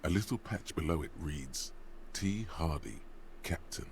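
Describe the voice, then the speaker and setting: A game's inner voice of a detective's mind, extremely deep and gravelly. He speaks slowly, in a measured, solemn and coolly observant way, with faint noise underneath. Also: expressive, full character voice. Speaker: game narrator.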